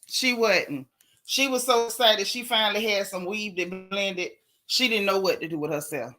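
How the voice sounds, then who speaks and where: A middle-aged woman, host of a live gossip stream, chatting in a sassy, animated, colloquial way. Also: medium pitch, moderate pace. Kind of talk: casual gossip chat, greeting live chatters.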